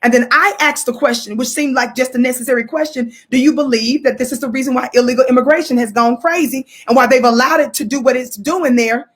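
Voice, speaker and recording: A woman's voice: high-pitched, fast, few pauses, husky. A woman hosting a livestream, reading passages from a book and stressing key points for her viewers. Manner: emphatic, addresses viewers directly, repeats key quotes. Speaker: livestream host. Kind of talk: live commentary reading from a book.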